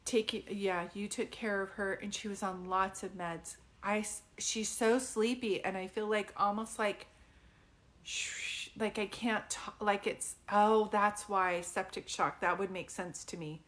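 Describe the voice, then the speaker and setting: A young woman giving a live psychic reading to a viewer, talking in a drowsy, halting and emotional way, full of fillers and restarts. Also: mid-range voice, steady tone, fairly bright tone. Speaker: psychic medium.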